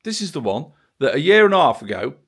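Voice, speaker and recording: A man's voice: fairly high pitch, sing-song, quick pace, fairly bright tone, husky. A British man in a profane, sarcastic political rant, filming himself and talking straight to the camera. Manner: angry, sweary, sarcastic ranting. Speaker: vlogger. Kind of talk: ranting political monologue to camera.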